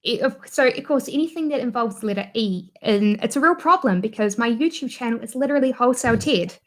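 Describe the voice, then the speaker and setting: A woman's voice: fairly high pitch, lively intonation, fast. A woman from New Zealand with a New Zealand accent, chatting as a guest in an interview, with many fillers and frequent laughs. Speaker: guest, YouTuber. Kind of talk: casual interview chat.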